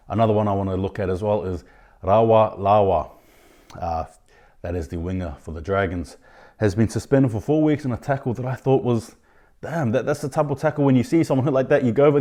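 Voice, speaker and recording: A man hosting his own rugby league podcast, giving indignant opinions in a ranting style, with sudden loud outbursts of disbelief. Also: on the low side, brisk. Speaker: podcast host. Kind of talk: opinionated sports commentary.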